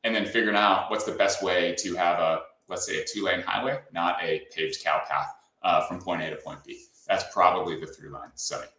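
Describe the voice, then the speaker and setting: A man's voice: deep voice, steady tone, fairly quick, few pauses, bright, forceful tone, reverberant, rough recording. A man from Southern California, a company founder talking as a guest in a casual interview, telling stories and often adding "right?". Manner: storytelling, often tags lines with "right?".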